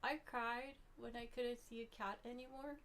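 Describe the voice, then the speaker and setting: A woman hosting a piano livestream, chatting casually and softly reading out viewer requests. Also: on the high side, flat delivery, normal speed, a little hiss or hum. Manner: soft-spoken, reading viewer requests aloud, trailing off. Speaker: livestream pianist host.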